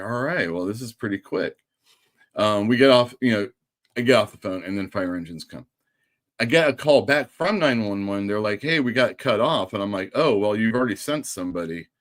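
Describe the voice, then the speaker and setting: Animated man telling a story on a stream. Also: lowish voice. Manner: animated storyteller acting out quoted people. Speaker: host. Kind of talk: casual live-stream chat.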